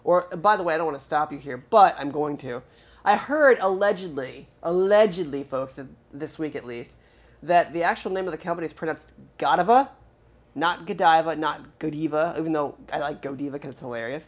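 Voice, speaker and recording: A man's voice: a little high, animated, dull audio. A man hosting a podcast in a small studio, joking at his own expense as he chats. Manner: jokey, self-deprecating, fast promo patter. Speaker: podcast host. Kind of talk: casual podcast chat.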